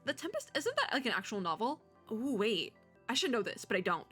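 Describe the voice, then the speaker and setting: A young woman streamer giving chatty, giggly commentary while playing a game and reading its story aloud, breaking into excited squeals. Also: fairly high pitch, fairly quick, husky, soft background music. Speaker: VTuber streamer.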